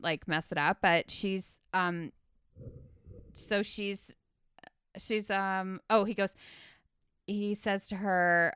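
Chatty woman with a smooth, dry voice. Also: mid-range voice, a bit bright, dry recording. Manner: chatty, filler-heavy, acts out the characters' lines. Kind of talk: casual chat retelling a film.

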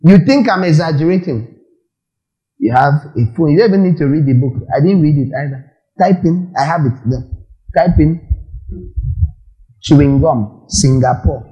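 A man preaching a sermon, animated and full of rhetorical questions to the audience. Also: on the high side, normal speed, pauses often, dull audio.

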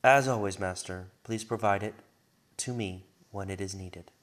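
A man reading aloud and voicing an eager young female apprentice, speaking high and excited. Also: moderate pace, lightly acted. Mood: respectful.

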